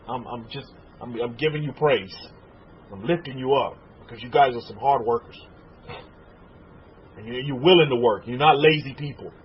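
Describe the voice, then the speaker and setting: A high-pitched man in his forties preaches with a very raspy, husky voice that swings widely up and down. He stumbles, restarts and keeps asking the congregation questions. The recording sounds muffled and lo-fi. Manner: emotional, animated preaching with repeated restarts and questions to listeners. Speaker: rabbi teaching a congregation. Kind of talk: sermon.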